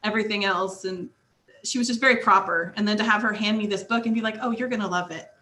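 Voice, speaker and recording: A woman's voice: medium pitch, steady tone, quick pace, sharp tone. A middle-aged woman, a guest author, chatting casually in an interview and laughing often between thoughts.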